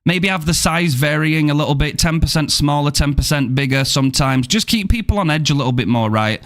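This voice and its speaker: A man's voice: fairly high pitch, a little fast, gravelly, a bit bright. A young British man streaming a horror game, chatting playfully with viewers and swearing freely. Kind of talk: casual live-stream chat with viewers.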